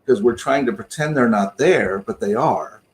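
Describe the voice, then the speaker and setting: A man's voice: mid-range voice, moderate pace. A man co-hosting a spiritual talk show, speaking in a reflective way and searching for his words. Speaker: co-host minister.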